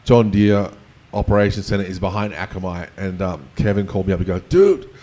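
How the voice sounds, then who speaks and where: A man's voice: low voice, little pitch movement, fast talker, a little mellow. A man with a non-American accent, speaking casually on a conference panel and telling offhand anecdotes.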